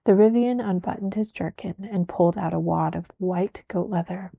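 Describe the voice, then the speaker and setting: A woman narrating a book aloud as a soft, unhurried ASMR reading. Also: lowish voice, gravelly, husky, no room sound, highs cut off.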